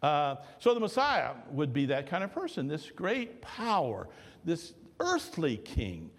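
A man preaching with a lively, swooping voice that sits a little high for a man. He keeps asking the congregation questions and acts out the people in his stories. The sound carries a long reverb, as in a church sanctuary. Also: unhurried. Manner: conversational preaching with rhetorical questions and retold dialogue. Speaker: pastor. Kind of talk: sermon.

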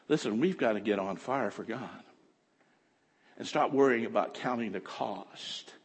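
A man preaching a fervent sermon that swings from quiet talk to shouting. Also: fairly low pitch, unhurried, slightly rough. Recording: echoey hall.

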